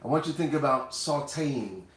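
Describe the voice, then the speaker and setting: A man hosts a cooking livestream in a relaxed, chatty way and speaks straight to the people watching. His voice sits at an everyday middle pitch. The room around him rings with a roomy echo. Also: moderate pace, faint music behind. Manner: conversational, addresses viewers directly. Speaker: cooking show host. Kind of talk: casual livestream talk.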